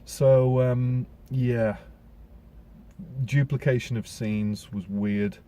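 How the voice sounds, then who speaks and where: A man's voice: mid-range voice, fairly even intonation, extremely slow, dark tone. A man ranting sarcastically in a casual solo film review podcast, with frequent restarts and ums.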